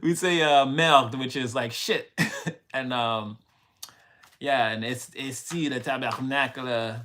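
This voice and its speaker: A man's voice: medium pitch, takes it slowly, fairly bright tone. A man from Canada with a Montreal accent, chatting casually to a live audience, laughing often and switching between English and French. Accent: Montreal Quebec. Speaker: livestream host.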